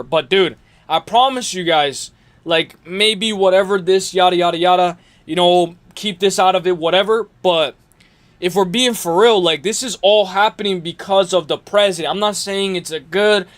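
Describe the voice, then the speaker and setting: A man's voice: sits high, moderate pace, a bit bright. A man hosting a casual live stream, rambling and filling his talk with "dude" and "whatever". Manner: rambling, filler-heavy, says dude a lot. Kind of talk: casual live stream chat on fight picks.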